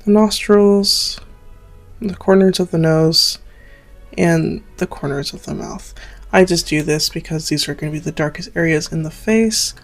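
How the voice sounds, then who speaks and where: A woman's voice: on the low side, a little slow, faint music behind. A young Canadian woman, an artist from Southern Ontario, talking through her drawing process in a rambling, self-deprecating, chatty way. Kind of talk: chatty draw-along tutorial.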